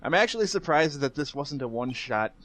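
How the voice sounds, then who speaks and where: A man's voice: fairly high pitch, animated, a bit bright, slight background noise. Chatty male game commentator. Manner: chatty, mild swearing, quick restarts. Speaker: let's play commentator. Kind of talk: casual group commentary.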